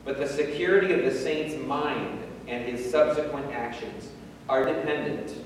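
A man's voice: a little high, steady tone, normal speed, a little hiss or hum. A middle-aged man preaching a sermon as pastor, earnest and repeating words for emphasis. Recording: echoey hall, heard from far off.

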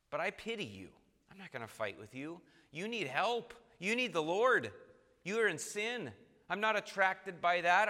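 Bright-voiced preaching man in a reverberant hall. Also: sits high. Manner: earnest, emphatic preaching with scripture reading. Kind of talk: sermon.

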